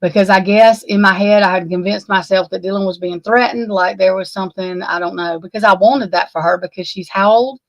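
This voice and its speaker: A woman giving shaken, emotional true crime commentary, halting and stammering, swearing, close to tears. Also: medium pitch, fairly even intonation, dry recording, poor audio.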